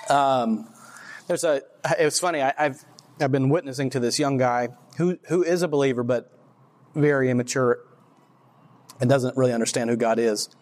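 At a normal speed, a man with a mid-range, slightly mellow voice gives an informal, rambling faith testimony to a group. He is a church speaker who often restarts his sentences and laughs at himself.

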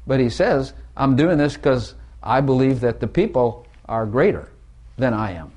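A man's voice: mid-range voice, expressive, moderate pace, darkish tone. Male preacher, casual sermon delivery, repeats himself, quizzes the room. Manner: conversational, repeats phrases, asks the listeners questions. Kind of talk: informal sermon.

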